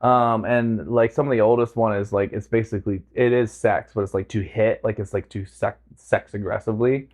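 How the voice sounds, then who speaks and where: A man's voice: on the low side, fairly quick, hardly any pauses. A man hosting a podcast, telling a story in casual chat and acting out the quotes as he laughs. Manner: animated, acts out quotes, laughs often. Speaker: podcast host.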